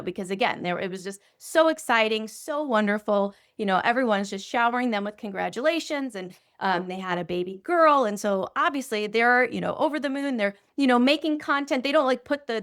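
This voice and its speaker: A woman speaking as a doctor guest on a podcast, telling a story in an animated, conversational way with frequent filler phrases. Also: mid-range voice. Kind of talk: conversational interview.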